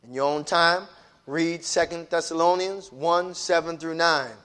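A male pastor preaching a sermon, swinging from booming shouts to low, hushed lines and calling out to the congregation. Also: fairly even intonation, measured pace, clear, resonant tone. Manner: calls out to the congregation.

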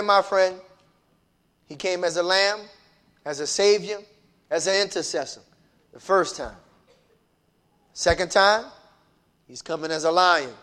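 A male pastor preaching a sermon, swinging from booming shouts to low, hushed lines and calling out to the congregation. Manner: calls out to the congregation.

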